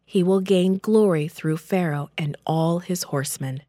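A woman voicing a calm, firm elderly male leader who speaks in a steady, commanding way. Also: fairly low pitch, unhurried, no room sound, clean studio sound, natural voice.

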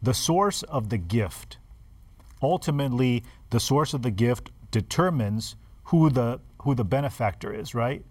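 A man's voice: medium pitch, animated, unhurried, a little mellow, dry recording. A man talking in a casual Bible study discussion, explaining points and checking in with "right?". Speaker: discussion panelist.

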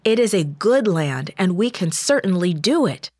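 A woman's voice: lowish voice, big pitch swings, normal speed, darkish tone, dry recording, studio quality. A woman reading the lines of Caleb, a strong, eager male spy urging the people on in a storybook. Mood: encouraging. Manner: eager, encouraging.

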